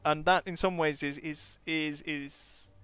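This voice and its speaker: A man's voice: fairly high pitch, fairly even intonation, normal speed, a bit bright, clean tone. A man, a game streamer who also teaches English, chatting casually and wryly while playing and thinking aloud to his viewers.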